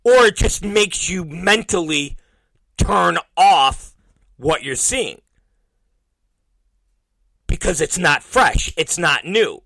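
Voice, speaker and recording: A man's voice: high voice, animated, slow, gravelly, pauses often, pushed and bright, no room sound. A man hosting his own show, talking casually and swearing often while acting out both sides of conversations he has had. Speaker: podcast host. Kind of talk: casual profane monologue.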